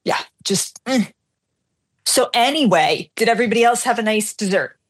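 Animated woman host telling a mishap. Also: fairly high pitch, normal speed, slightly rough. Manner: animated, self-deprecating, acts out dialogue. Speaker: radio show host. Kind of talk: casual on-air storytelling.

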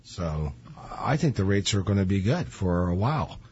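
A man hosting a casual radio talk show about real estate, chatty and fond of jokes, with a husky voice. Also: sits low, sing-song, moderate pace, darkish tone. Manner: chatty, jokey storyteller. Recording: dull lo-fi radio audio.

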